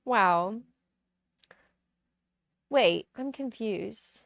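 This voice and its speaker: A woman's voice: medium pitch, slow, creaky, pauses often, no echo, clean studio sound. A young woman streaming live, chatting with her viewers between giggles and reading a novel aloud. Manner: giggly, chatty, reacting to chat messages. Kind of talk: casual live-stream chat with book reading.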